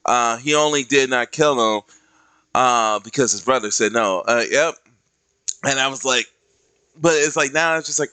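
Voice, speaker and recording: A man streamer ranting casually, slangy and animated, dropping into other voices to act out quotes. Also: medium pitch, moderate pace, long pauses, clean tone, no room sound. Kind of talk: casual rant.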